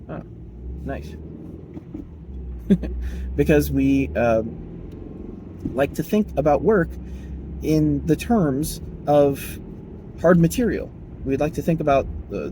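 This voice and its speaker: A man's voice: mid-range voice, mellow, a little hiss or hum, poor audio. A man talking casually on his own show, rambling and correcting himself as he goes. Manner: rambling, self-correcting, chuckling, mock dialogues in raised voice. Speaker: podcast host. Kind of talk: casual solo talk.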